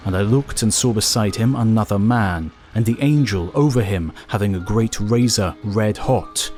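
A man giving a scripted reading of archaic scripture in a slow, solemn manner. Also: on the low side, darkish tone. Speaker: reader.

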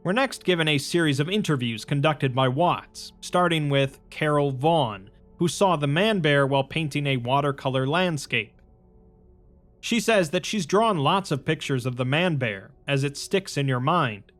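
Male narrator, slightly high voice, matter-of-fact scripted retelling, faint music bed. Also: animated, normal speed. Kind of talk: scripted narration summarizing a story.

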